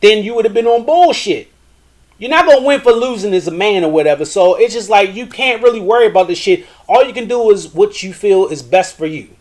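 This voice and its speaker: A man's voice: sits high, lively intonation, quick pace, hardly any pauses, darkish tone. A man hosting a live show from a porch, giving blunt, profane relationship commentary. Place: porch, outdoors.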